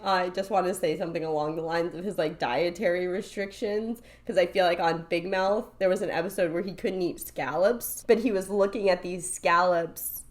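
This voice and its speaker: A woman in her thirties hosting a podcast in casual chat, telling animated stories that she breaks up with laughter. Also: on the low side, moderate pace, few pauses. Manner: laughs often, animated storytelling with put-on voices. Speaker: podcast host.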